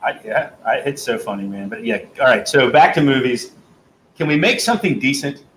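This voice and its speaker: A man's voice: mid-range voice, fairly quick, slight background noise. Emphatic southern-raised man in a roomy space. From American South, North Carolina. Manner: animated, emphatic, repeats himself. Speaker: podcast co-host. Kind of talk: casual chat. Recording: roomy with faint ambience.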